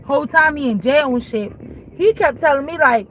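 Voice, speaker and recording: A woman's voice: sits high, brisk, fairly bright tone, muffled recording. A woman telling a heated, profane storytime rant while in her car, repeating herself. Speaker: vlogger. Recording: car noise behind voice.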